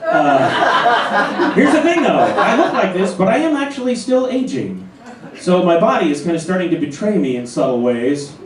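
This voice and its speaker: A man's voice: high-pitched, moderate pace, noisy background. Man in his forties doing stand-up. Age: 40s. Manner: animated storytelling with acted-out voices. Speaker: stand-up comedian. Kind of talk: stand-up comedy set. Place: comedy club stage. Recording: roomy club sound from a far camera. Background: audience laughter.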